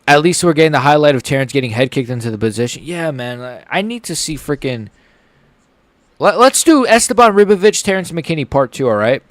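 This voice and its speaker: Brisk and on the high side, this young livestream host's voice is recorded dry as he reacts live to a fight. His commentary rambles excitedly, full of swearing, and swings from mumbling to shouting.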